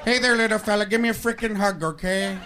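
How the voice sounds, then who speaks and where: A man's voice: high-pitched, fast talker, pitched above the performer's own voice, natural voice. A man doing a smug movie supervillain. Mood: smug menace. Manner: smug, deadpan menace, mock-threatening. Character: smug bald male movie supervillain with a pet cat. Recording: live club, loud crowd and noise.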